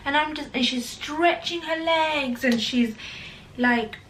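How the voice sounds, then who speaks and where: A woman's voice: sits high, a little slow, a bit bright, distant mic, slight background noise. Chatty young woman vlogging at home. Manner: chatty and candid, full of "like", talks to viewers as "guys". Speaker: vlogger, first-time mother. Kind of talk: casual chat to camera. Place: home room. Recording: voice a little off-mic, faint music behind.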